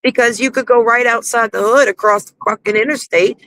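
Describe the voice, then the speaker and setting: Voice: mid-range voice, steady tone, fairly quick, pushed and bright, slight background noise. A co-host in casual chat, chiming in with short agreements and opinions.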